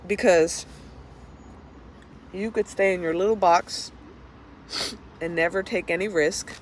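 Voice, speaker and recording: A woman's voice: fairly low pitch, steady tone, a little slow, pauses often, a little hiss or hum. A woman venting in an unscripted personal vlog, blunt and profane, often restarting her sentences out of frustration. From Florida. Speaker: vlogger.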